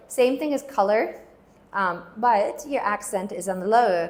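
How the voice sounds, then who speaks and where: A woman teaching a language lesson, patiently repeating words slowly so learners can follow. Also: mid-range voice, a little mellow. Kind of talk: slow pronunciation lesson.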